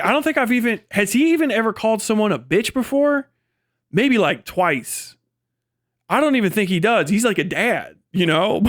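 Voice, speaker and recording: A man's voice: high-pitched, fairly bright tone, dry recording, clean studio sound. Profane, rambling man streaming live. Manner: rambling, profane, laughs often. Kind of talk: casual livestream commentary.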